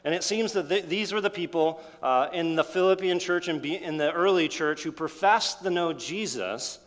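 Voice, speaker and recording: A man's voice: a little high, a bit bright. Earnest male pastor in a reverberant hall. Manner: earnest preaching with rising emphasis and pauses. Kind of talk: sermon.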